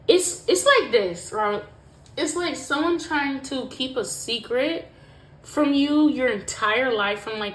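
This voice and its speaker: A woman giving a pick-a-pile tarot reading to her viewers, emotional and emphatic, swearing often and filling her talk with "like". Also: a little high. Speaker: tarot reader. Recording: echoey room with faint noise.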